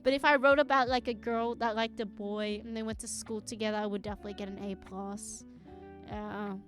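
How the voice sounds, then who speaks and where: A woman's voice: mid-range voice, fairly even intonation, a little fast, soft background music. A young woman streaming live, chatting casually to her viewers in a rambling way and giggling often.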